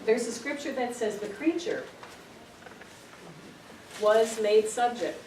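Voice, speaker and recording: A woman's voice: a little high, slow, darkish tone. Woman teaching in an echoey room. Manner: storytelling, earnest, repeats words for emphasis. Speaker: spiritual speaker. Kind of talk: informal spiritual teaching to a group. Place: meeting room. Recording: echoey room, distant mic, noisy.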